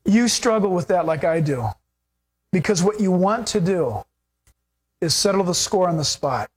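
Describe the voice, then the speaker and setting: Animated male pastor preaching a sermon. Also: sits high, normal speed, slightly rough. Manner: animated, acts out quoted voices with laughter.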